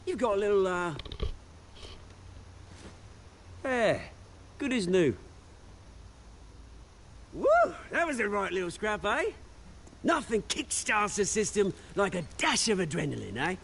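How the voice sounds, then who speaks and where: A man's voice: high voice, sing-song, measured pace, vocal fry, pauses often, a bit bright, a little hiss or hum, heavily acted. An actor playing a bitter young British man turned street revolutionary, swaggering and cocky, then brooding and menacing, in a game scene. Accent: British English. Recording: game audio with music underneath. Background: game score.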